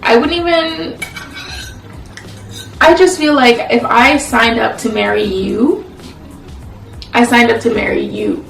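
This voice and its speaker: Chatty woman with vocal fry. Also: on the high side, steady tone, slow pace, long pauses, fairly bright tone, soft background music. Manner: chatty, full of "like" fillers. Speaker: co-host of a couple's channel. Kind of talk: casual relationship chat over a meal. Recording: echoey room, mic at a distance.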